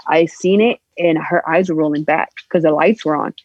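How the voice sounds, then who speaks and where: A woman guest on a podcast, candidly telling a personal story in a halting, emotional way, acting out the voices she quotes. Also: low-pitched, a little mellow, dry recording. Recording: dull lo-fi sound.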